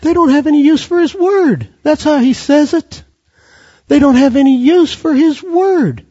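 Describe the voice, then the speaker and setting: Impassioned high-pitched male preacher. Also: normal speed, mellow. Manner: impassioned, rhetorical questions, quoting scripture. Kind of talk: sermon. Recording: dull lo-fi recording.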